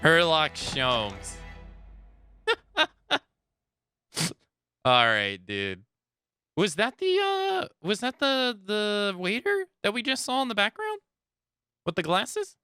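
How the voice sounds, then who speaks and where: A male streamer speaks casually and slowly in a bright, forceful tone, thinking aloud as he plays. Faint game music runs behind him. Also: high-pitched, huge pitch swings, clean tone, dry recording. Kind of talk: let's play commentary.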